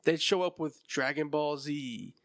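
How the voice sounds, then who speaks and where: A man's voice: a little high, unhurried, a bit bright, no room sound, studio quality. A man in his twenties hosting a solo podcast and ranting with passion and emphasis. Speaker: podcast host.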